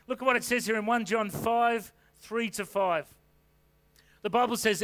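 A man preaching a sermon, telling a personal story in a conversational way and rising to loud, fervent calls of faith. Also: high-pitched, expressive, moderate pace.

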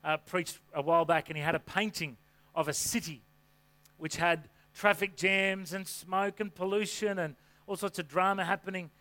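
A man preaching a sermon to a congregation from a church stage, with an energetic, folksy delivery full of rhetorical questions. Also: high voice, normal speed. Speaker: pastor.

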